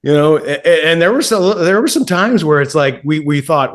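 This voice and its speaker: A man's voice: a little high, lively intonation, moderate pace. A man co-hosting a casual talk show, making blunt, profane remarks and drawing out his words. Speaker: podcast co-host. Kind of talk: casual chat.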